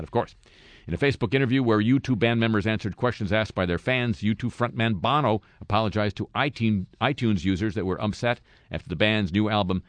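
Sarcastic low-voiced male news satirist. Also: no echo. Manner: wry, sarcastic asides. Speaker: comedy news host.

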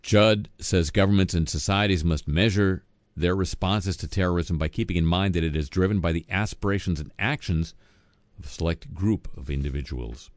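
A man's voice: sits low, normal speed, no room sound. A man reading satirical news as host, dropping sardonic, wisecracking asides between items.

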